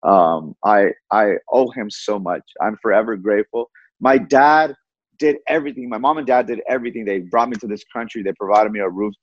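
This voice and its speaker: Fast-talking man telling his story, lo-fi. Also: lowish voice, no room sound. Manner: animated, fast, repeats words. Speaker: guest. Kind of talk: casual storytelling. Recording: dull lo-fi audio.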